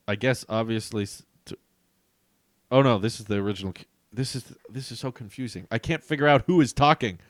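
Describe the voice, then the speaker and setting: A man's voice: on the low side, brisk, no echo, studio quality. A young man reading his childhood comic aloud as a vlogger, with self-mocking, amused asides.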